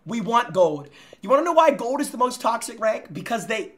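A young man hosting his own gaming channel in casual, excitable commentary, bursting into loud shouts. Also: very high-pitched, a little fast. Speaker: gaming streamer, host.

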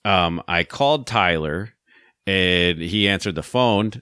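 A man's voice: deep voice, slow pace, sharp tone, clean tone, no room sound, clean studio sound. A man hosting a podcast, telling a story in a casual, rambling way with many fillers and restarts. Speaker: podcast host.

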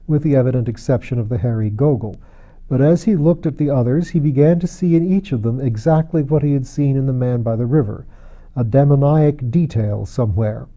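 Dark-voiced male audiobook narrator. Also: mid-range voice. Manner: measured, steady storytelling. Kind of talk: scripted narration of a classic novel.

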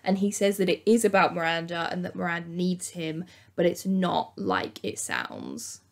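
A young woman hosting a casual, chatty TV recap, acting out quotes in an animated way. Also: fairly low pitch, moderate pace, vocal fry. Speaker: YouTube host.

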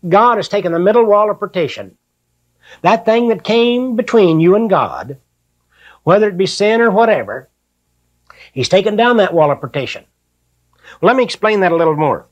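High-voiced older man preaching. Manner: reads scripture slowly, then preaches in plain folksy talk. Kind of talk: sermon.

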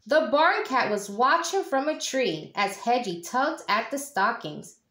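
A woman, a teacher, reading a children's picture book aloud in an expressive way. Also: a little high. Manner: slow, expressive storytelling. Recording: echoey room.

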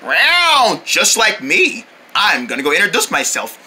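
A woman voicing a friendly young male cartoon cat who talks slowly and calmly. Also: on the low side, pitched below the performer's own voice.

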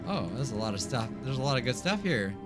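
A man playing a horror game and commenting as he goes, thinking aloud and getting loudly frustrated. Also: fast talker, loud music behind the voice. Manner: excitable, thinks aloud, swings between mutters and high yelps of frustration. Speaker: gaming YouTuber. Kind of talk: let's play commentary.

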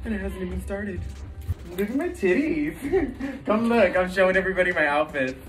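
A man's voice: high voice, fairly quick, a bit bright, faint music behind. A man in drag giving a campy, sassy backstage tour of theatre dressing rooms, quipping and laughing with castmates. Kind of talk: casual backstage vlog.

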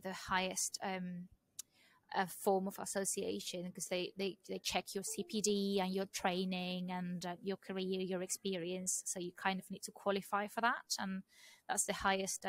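A woman's voice: medium pitch, fairly bright tone, no room sound. A woman from Argentina whose first language is Spanish, speaking English with a British accent. She is a translator, chatting as a guest in an interview, with many fillers and restarts. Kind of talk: casual interview conversation.

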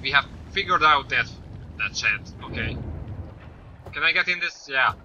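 A man doing let's-play commentary, swearing often and yelling at the game. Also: mid-range voice, lively intonation, unhurried. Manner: swears a lot, yells at the game. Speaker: gaming YouTuber. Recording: slightly dull lo-fi mic with faint noise.

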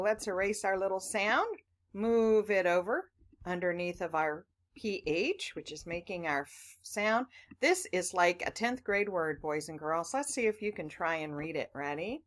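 Speaking at a medium pitch, a woman patiently walks children through phonics, breaking words into individual letters and calling her class boys and girls.

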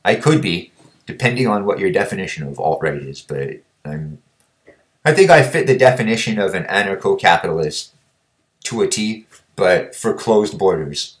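A man's voice: sits low, animated, moderate pace. A young man vlogging, ranting bluntly and combatively, swearing constantly. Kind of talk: profane ranting monologue.

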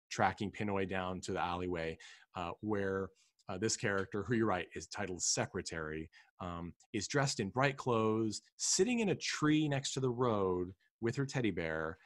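A man's voice: fairly low pitch, dry recording. A man hosting a casual film-discussion podcast, rambling with many fillers and restarts. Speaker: podcast host.

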